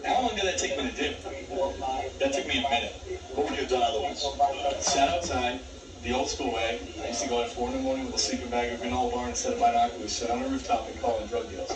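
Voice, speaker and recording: A former undercover officer explains his point at a quick clip, asking rhetorical questions along the way. His voice comes through TV audio played back in an echoey room, with clear background noise behind it. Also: mid-range voice, fairly even intonation, recorded from a distance. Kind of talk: explaining in a TV segment.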